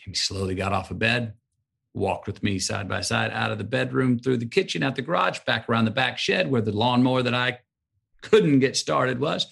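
A man being interviewed as a guest on a podcast, telling stories in a lively way and acting out the sayings of his parents. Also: mid-range voice, moderate pace, gravelly, breathy edge. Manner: animated storyteller who acts out his parents' sayings. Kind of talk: casual interview storytelling.

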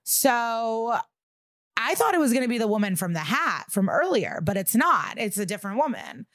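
A woman co-hosting a podcast, recapping an episode in casual, animated chat and swearing freely. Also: a little high, normal speed, no echo, clean studio sound. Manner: animated, swearing, acts out quotes. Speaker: podcast co-host.

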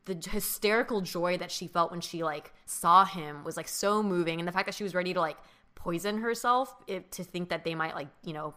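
A woman's voice: on the low side, brisk, sharp tone. A woman co-hosting a casual podcast chat, speaking thoughtfully with lots of "like" and "um". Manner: thoughtful, many fillers like "like" and "um". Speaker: podcast co-host.

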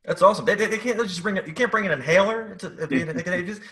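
A man interviewing a guest in casual chat, asking halting, searching questions. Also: high-pitched, fairly bright tone.

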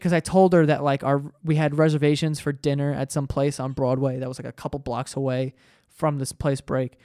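Young man, podcast host, casual storytelling, profane, animated, fairly high voice, smooth clear tone, dry close sound. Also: no room sound.

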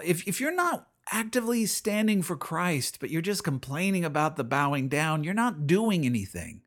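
A man's voice: sits high, very animated, normal speed, few pauses, a bit bright. A middle-aged man hosting a podcast, giving an earnest personal faith reflection that often repeats phrases and restarts his sentences. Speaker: podcast host.

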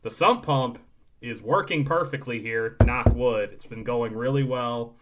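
A man's voice: mid-range voice, a little slow, background noise. A man co-hosting a sports podcast, chatting casually with wry, sarcastic asides. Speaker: podcast co-host.

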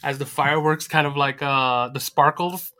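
Bright joking man rambling. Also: a little high, fairly even intonation, normal speed. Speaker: wrestling podcast co-host. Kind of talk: casual chat.

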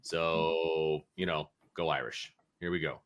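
A man hosting a casual sports talk podcast, energetic and chatty, telling stories with animation. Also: extremely low pitch, slow. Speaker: podcast host.

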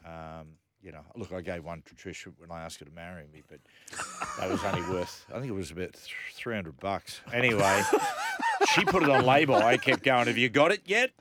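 A man's voice: low-pitched, wildly swooping pitch, normal speed, very noisy. A man with an Australian accent hosting a radio show, telling jokey stories and mocking others in casual banter. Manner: joking storyteller, mocking, laughs a lot. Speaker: radio host. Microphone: studio microphone.

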